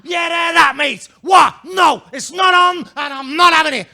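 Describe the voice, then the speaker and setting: A comedian voicing a rowdy, furious Liverpudlian man who rants and shouts on a comedy club stage. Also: extremely high pitch, big pitch swings, very slow, heavily acted. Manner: shouting, indignant, defiant.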